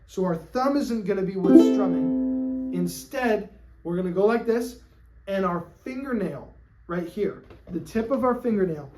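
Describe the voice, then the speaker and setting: A mellow, mid-pitched voice of a ukulele teacher filming a lesson. The teacher talks patiently and kindly, tags almost every instruction with "okay?" and counts the beat out loud while strumming along. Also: expressive, measured pace, soft background music. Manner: friendly, checks in with "okay?" constantly. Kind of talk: on-camera music lesson.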